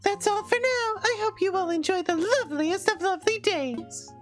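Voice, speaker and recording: A bubbly little dog secretary put on by a man chirps her sign-off in a very high, sweet, sing-song voice. Light, childlike game music plays behind her. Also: moderate pace, a bit bright. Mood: sunny. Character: cheerful small female dog village secretary.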